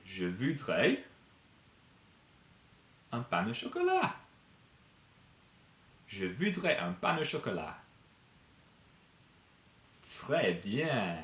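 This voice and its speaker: A man teaching basic French to beginners and kids, saying each word slowly and clearly for learners to repeat. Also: mid-range voice, bright, forceful tone, roomy sound. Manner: slow, drawn-out repetitions for learners to copy.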